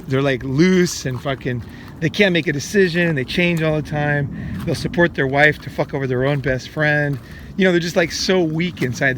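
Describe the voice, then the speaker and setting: A man's voice: a little high, a bit bright, slight background noise. A middle-aged man hosting a podcast, giving dating advice in a rambling, blunt monologue full of swearing. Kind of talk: casual monologue.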